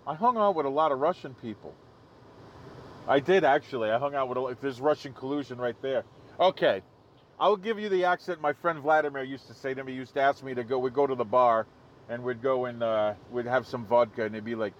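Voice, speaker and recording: A man with a medium-pitched voice hosts a livestream outdoors, speaking briskly as he jokes casually and laughs at his own jokes. The sound is lo-fi.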